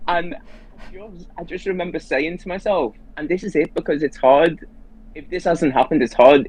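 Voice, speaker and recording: A man's voice: mid-range voice, breathy edge, no room sound, poor audio. A man as a guest in a casual conversation, telling a personal story earnestly and quoting his own inner thoughts aloud.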